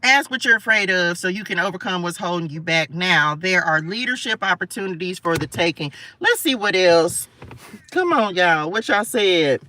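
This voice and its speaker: Bright, playful woman reading tarot. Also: fairly low pitch, lively intonation, moderate pace. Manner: chatty and playful, talks to viewers as y'all; laughs often, asides to spirits. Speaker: spiritual tarot reader. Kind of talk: live tarot card reading. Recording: voice a bit far from the mic.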